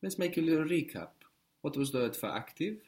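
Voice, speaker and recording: A man teaching a language lesson, patiently prompting a student step by step with steady encouragement. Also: a little high, a little fast.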